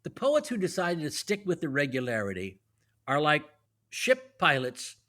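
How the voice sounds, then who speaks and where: A man's voice: fairly high pitch, normal speed. A man who is a guest actor and professor, explaining verse in a teacherly way, step by step, in a podcast conversation. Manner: teacherly, lively, walks through examples step by step.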